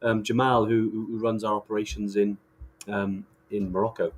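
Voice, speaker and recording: A man's voice: lowish voice, level tone, normal speed. A man co-hosting a podcast in casual chat, enthusiastic and rambling with many restarts. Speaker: podcast co-host.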